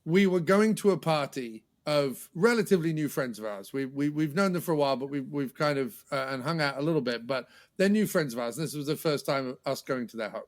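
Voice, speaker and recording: A man's voice: a little high, brisk, few pauses. A man hosting a podcast, telling stories in casual chat, acting out scenes and swearing freely. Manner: animated storyteller, swears freely, acts out scenes. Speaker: podcast host.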